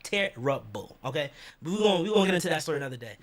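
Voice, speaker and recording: A young man with a fairly high voice tells a story from his own life to the camera. He talks in loose, profane slang and keeps slipping into the voices of the people he quotes. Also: very animated, very fast. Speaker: vlogger.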